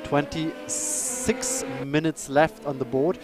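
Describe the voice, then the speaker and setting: A man who speaks natively, chatting and commentating a live sim race, excitable and apologetic. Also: on the high side, takes it slowly, music in the background. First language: German.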